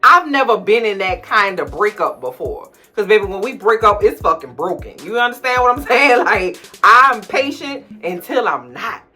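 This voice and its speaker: A woman hosting a casual recap of a TV show. She talks with sass and laughter and breaks into loud outbursts. Her voice is bright over faint music. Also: mid-range voice, lively intonation, moderate pace, few pauses, slightly rough.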